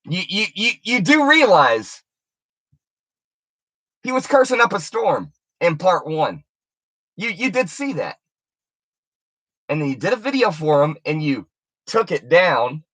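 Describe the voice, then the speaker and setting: A woman's voice: on the low side, sing-song, a little slow, long pauses, a bit bright, no room sound. A woman delivering an angry, profane, confrontational rant on her video channel, taunting the person she is addressing. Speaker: YouTuber.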